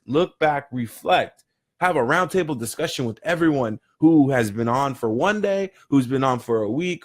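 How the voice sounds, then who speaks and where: Rambling motivational speaker, a man. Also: medium pitch. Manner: rambling storytelling, with frequent restarts and "you know". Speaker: session leader in a year-long daily challenge. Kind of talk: motivational talk.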